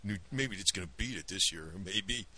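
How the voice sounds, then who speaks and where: A man's voice: sits low, lively intonation, normal speed, pushed and bright, slightly rough. A man from the Northeast with a New Jersey accent, rambling to camera in a blunt, profane rant. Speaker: video blogger.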